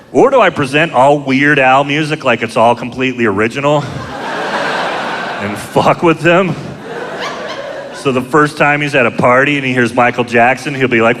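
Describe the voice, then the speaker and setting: A middle-aged man doing a stand-up comedy set, telling crude, self-mocking stories in a deadpan way, recorded live in a comedy club. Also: mid-range voice, normal speed. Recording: live club show, long hall reverb, audience noise. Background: audience laughter.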